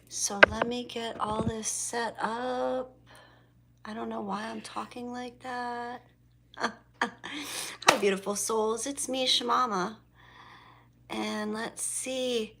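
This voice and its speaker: Bright-voiced woman chatting on a phone livestream. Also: a little high, fairly even intonation, takes it slowly. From South Florida. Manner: swears freely, greets viewers by name. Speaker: livestream host and spiritual reader. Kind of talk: casual livestream chat.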